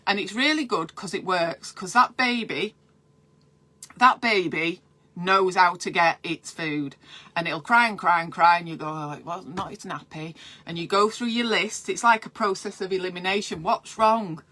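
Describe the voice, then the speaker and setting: A woman's voice: fairly low pitch, moderate pace, sharp tone. A woman, a midwife, giving breastfeeding advice in a live stream from home, chatty and digressive and breaking off to answer viewer comments.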